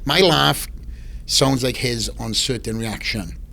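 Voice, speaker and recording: A man's voice: mid-range voice, takes it slowly, creaky, pushed and bright. A middle-aged man with a Welsh accent, a podcast guest telling stories in casual chat, swearing freely and acting out quoted voices with animation. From Wales. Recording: faint background noise.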